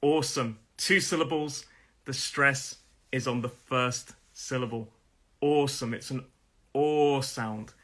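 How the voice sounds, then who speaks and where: A middle-aged man teaching English pronunciation on a live stream, friendly and repeating each word slowly to show the stress. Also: mid-range voice, pushed and bright.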